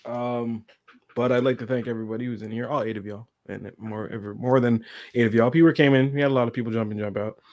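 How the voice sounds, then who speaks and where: A man co-hosting a podcast in casual chat, laid-back and quick to laugh along. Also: mid-range voice, fairly even intonation, darkish tone. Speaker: podcast co-host.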